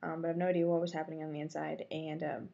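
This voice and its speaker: A young woman tells a story in a casual vlog, slipping into whispers and high squeaks as she acts out her own thoughts. Her voice is gravelly and mellow. The recording sounds dull and lo-fi. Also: level tone, racing. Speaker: vlogger.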